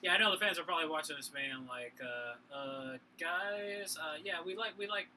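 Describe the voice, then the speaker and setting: A man's voice: fairly high pitch, moderate pace, bright, forceful tone, slight background noise, poor audio. A tipsy man with a Boston accent co-hosting a casual sports talk show, rambling with many fillers and restarts. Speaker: podcast co-host.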